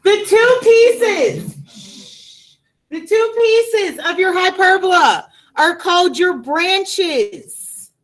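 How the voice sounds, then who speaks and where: A woman's voice: very high-pitched, drawn-out words, low-quality recording. A woman teaching a math class in a classroom, explaining step by step and checking in with her students.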